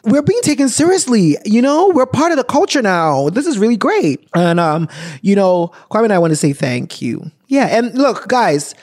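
A woman's voice: medium pitch, very animated, moderate pace, darkish tone, no echo, clean studio sound. Upbeat woman hosting a podcast. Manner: chatty, upbeat and playful. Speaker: podcast host. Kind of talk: casual podcast outro.

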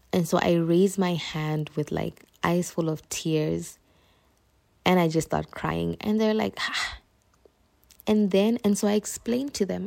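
A woman's voice: low voice, vocal fry, darkish tone. A young woman hosting a faith podcast, telling a personal testimony with emotion and often speaking straight to her listeners. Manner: emotional storytelling, addresses listeners as "you guys". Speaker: podcast host.

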